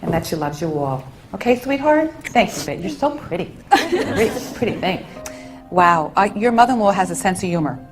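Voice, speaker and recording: A woman working as a psychic medium, giving readings to an audience in a gentle, consoling way and calling people honey and sweetheart. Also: lowish voice, big pitch swings, a little fast, music in the background. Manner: soothing, endearments, relays messages.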